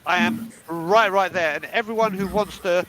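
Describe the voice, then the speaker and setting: A man's voice: sits high, normal speed, a bit bright, low-quality recording. A man co-hosting a podcast, talking bluntly and emphatically and swearing freely. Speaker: podcast co-host. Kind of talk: candid panel talk.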